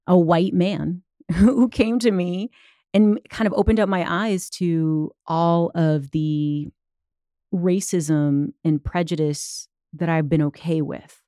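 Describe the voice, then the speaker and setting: A woman's voice: fairly low pitch, takes it slowly, mellow, no echo, clean studio sound. A woman in her thirties from the United States, telling a personal story in casual conversation with many fillers. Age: 30s. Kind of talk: casual chat.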